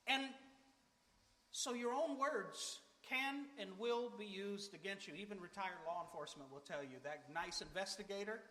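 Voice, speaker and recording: A man's voice: sits high, sharp tone. A man preaching a sermon in an earnest, emphatic, conversational way. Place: church sanctuary. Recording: echoey church hall.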